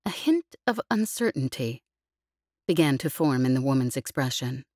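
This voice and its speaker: Low-voiced woman audiobook narrator. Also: very animated, normal speed, darkish tone, no room sound, studio quality. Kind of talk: scripted narration.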